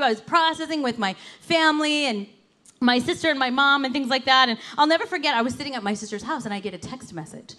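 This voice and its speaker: A woman pastor giving a sermon in an animated, conversational storytelling way, full of casual fillers. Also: high-pitched. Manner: animated, conversational, lots of "like" and "you know".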